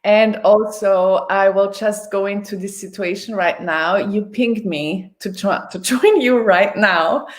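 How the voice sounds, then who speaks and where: A woman in her thirties answering as an interview guest, easygoing and quick to laugh. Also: medium pitch. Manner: laughing, relaxed. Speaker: interview guest, business facilitator. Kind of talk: casual interview chat.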